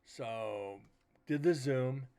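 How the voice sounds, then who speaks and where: A man's voice: mid-range voice, extremely slow, warm tone. A man hosting a paranormal livestream, casually telling a rambling story, swearing now and then and retelling conversations as quoted dialogue. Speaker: paranormal show host.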